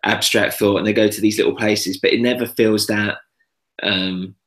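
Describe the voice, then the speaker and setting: A young man talks through a film review in a relaxed podcast chat. He hesitates often and keeps things understated, with a low-pitched voice. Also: moderate pace. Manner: hesitant, many fillers, understated. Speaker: podcast co-host. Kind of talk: casual chat.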